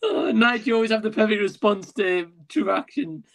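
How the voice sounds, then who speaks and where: A man's voice: high voice, brisk, fairly bright tone. A man hosting a livestream, reading out viewer comments and laughing often. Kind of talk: casual livestream chat.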